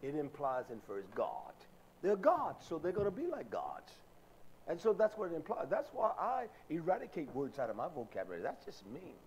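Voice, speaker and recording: An older man preaching a sermon, animated and acting out the voices of people he quotes. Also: fairly high pitch, a little fast, slight background noise.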